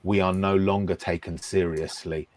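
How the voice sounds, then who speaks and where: A man's voice: low-pitched, little pitch movement, normal speed, a little mellow, dry recording. A man ranting emphatically on a football podcast, hammering his points and asking "okay?" again and again. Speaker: podcast host. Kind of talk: heated football talk.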